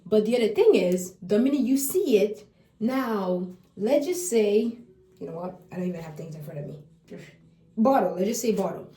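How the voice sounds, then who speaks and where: A woman giving a casual explanatory talk on early intervention, chatty and lively, acting out how parents and children talk to each other. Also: medium pitch, normal speed, reverberant. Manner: chatty, acts out parent and child exchanges, laughs often.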